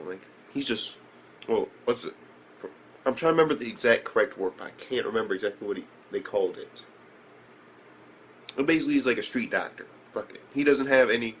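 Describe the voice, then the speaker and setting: A man recapping an anime episode in a casual, profane, rambling way, breaking into shrill disbelieving outbursts. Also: fairly bright tone, a little hiss or hum. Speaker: anime reviewer.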